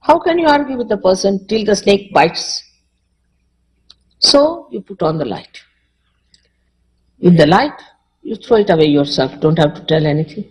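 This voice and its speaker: A woman's voice: mid-range voice, poor audio. A woman from India with an Indian accent, speaking as a spiritual teacher in a public lecture, conversational and repeating short phrases for emphasis.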